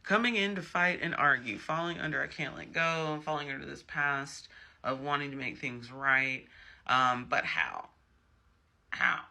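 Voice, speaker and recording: Man, tarot reader, chatty, emphatic, gravelly, sharp bright tone. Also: on the high side, animated, a little slow. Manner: chatty and emphatic, personal asides. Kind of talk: casual tarot reading.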